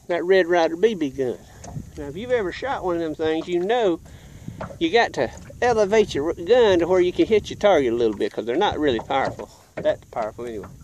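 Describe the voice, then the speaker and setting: A man's voice: fairly high pitch, slight background noise. Folksy man spinning a yarn. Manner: folksy, animated, acts out voices and sounds. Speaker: vlogger telling a childhood story while fishing. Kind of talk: casual storytelling. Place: outdoors on the water, fishing.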